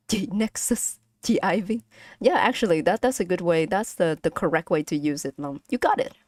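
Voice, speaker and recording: A woman's voice: lowish voice, expressive, a little fast, no echo, clean studio sound. A woman with a Vietnamese accent teaching pronunciation on a casual live stream, patiently repeating sounds for her chat.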